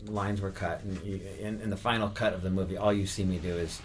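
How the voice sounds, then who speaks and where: A man's voice: deep voice, fast talker, slight background noise. A man who is a guest actor in an interview, telling a casual, rambling anecdote with plenty of fillers. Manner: relaxed, rambling storytelling with fillers.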